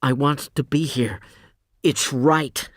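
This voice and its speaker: A restless young man, awkward and pleading, who stumbles over his words, read by a male narrator in an audiobook. His voice lifts a little above the reader's plain tone, at a middle pitch. The sound is dry and close. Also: fairly even intonation, fairly bright tone, no echo. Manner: hesitant, halting. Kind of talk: audiobook character reading.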